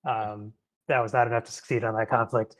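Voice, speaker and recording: A man's voice: lowish voice, flat delivery, a bit bright. A man running a tabletop role-playing game as game master, narrating with lots of ums and frequent laughter. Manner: laughs often, many ums, quick voice changes for characters.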